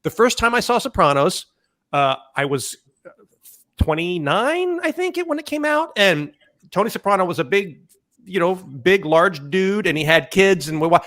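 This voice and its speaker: A man's voice: high voice, moderate pace. Man in his 50s telling funny stories. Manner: animated storytelling with quoted asides. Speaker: guest comedian. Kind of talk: casual chat.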